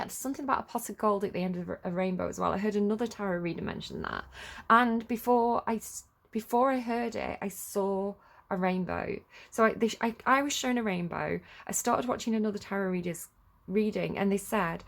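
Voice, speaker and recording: A woman's voice: medium pitch, a little fast, vocal fry. A woman giving a casual tarot reading, rambling and chatty with lots of fillers. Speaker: tarot reader.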